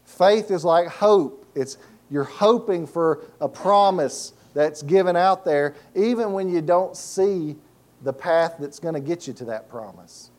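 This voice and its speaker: The pastor, a middle-aged man, speaks a little slowly in a slightly high, darkish voice. His sermon mixes folksy stories and laughter with prompts for the congregation to fill in words.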